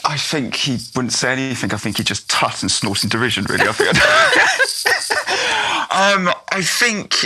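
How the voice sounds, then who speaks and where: A man's voice: on the high side, very animated, a little slow, sharp tone, slightly rough. A man as a podcast guest, answering hesitantly with many restarts and frequent laughs. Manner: hesitant, repeats words, laughs a lot. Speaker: guest, slam poet. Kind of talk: casual interview chat.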